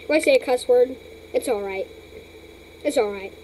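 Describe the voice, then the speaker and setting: A woman's voice: fairly high pitch, normal speed, heavy background noise. A woman hosting a casual toy vlog, rambling dramatically and breaking into shrieks. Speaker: channel host.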